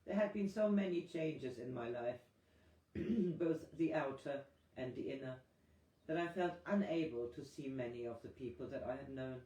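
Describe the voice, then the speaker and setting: A man reading a book aloud in a live session, unhurried and plain with pauses. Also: medium pitch, warm tone. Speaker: reader. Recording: echoey room with faint music.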